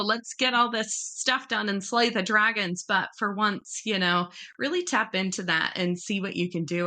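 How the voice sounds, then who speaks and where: A woman hosting a podcast, effusive and full of praise for her guest, talking casually. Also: mid-range voice. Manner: warm-hearted, effusive, gushing thanks. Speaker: podcast host. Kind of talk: casual interview conversation.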